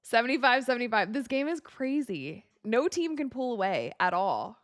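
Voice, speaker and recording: A woman hosting a live watch party, chatting casually, reading viewer comments and reacting with excited outbursts to the plays. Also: fairly high pitch, moderate pace, no echo. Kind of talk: casual live-stream chat and game reactions.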